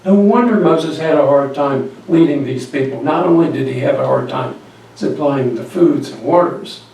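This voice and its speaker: Recorded at a distance in a reverberant church hall with a little background noise, a man preaches at a normal speed. His voice is slightly high and darkish as he tells a story and puts questions to the congregation from the sanctuary.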